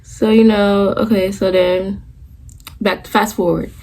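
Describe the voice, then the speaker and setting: A woman's voice: mid-range voice, level tone, measured pace, darkish tone, a little hiss or hum. A young woman in her twenties telling a casual storytime, candid and profane, talking straight to viewers in loose, rambling asides. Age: 20s. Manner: talks in loose run-on asides, restarts the story. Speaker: vlogger.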